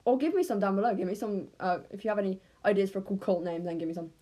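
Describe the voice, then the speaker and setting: A woman's voice: mid-range voice, very fast, dark tone. A woman with an English accent, telling an unscripted story in a casual, rambling way and often correcting herself.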